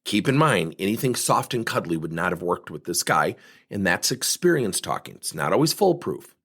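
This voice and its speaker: A man tells a sales story with a slightly husky voice. His pitch swings up and down a lot, and he acts out the people in his anecdotes. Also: moderate pace. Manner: animated, acts out quoted voices. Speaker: sales coach, podcast host. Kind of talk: storytelling talk.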